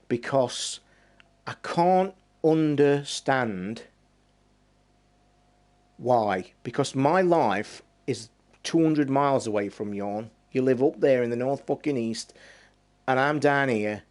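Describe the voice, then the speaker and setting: Brief: man, 50s, streamer host, passionate swearing rant, slow stressed emphasis. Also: mid-range voice, animated, darkish tone. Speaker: podcast host.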